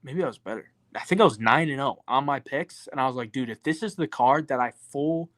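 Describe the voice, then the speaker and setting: A man's voice: mid-range voice, brisk, fairly bright tone, dry recording. A young man hosting a show, answering chat questions in a slangy, profane, laid-back way. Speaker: podcast host reading live chat. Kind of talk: casual chat.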